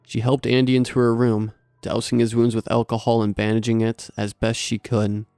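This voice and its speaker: A man reading a horror story aloud in steady, grim, scripted narration. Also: mid-range voice, normal speed, no room sound, clean studio sound, faint music behind.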